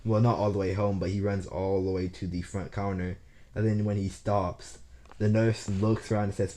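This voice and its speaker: A man with a deep, dark, mellow voice telling a fan story off the cuff. He rambles, stammers and restarts, dropping curse words casually. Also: little pitch movement, normal speed.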